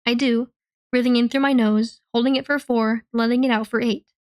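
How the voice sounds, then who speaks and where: A woman reading a novel aloud in the first person, telling the story in an expressive, earnest way. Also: on the high side, moderate pace. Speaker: reader.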